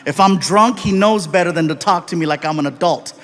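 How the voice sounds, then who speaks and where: Male stand-up storyteller, high voice, animated, live on stage. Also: a little fast, slight background noise. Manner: animated, puts on voices for people in his stories. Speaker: stand-up comedian.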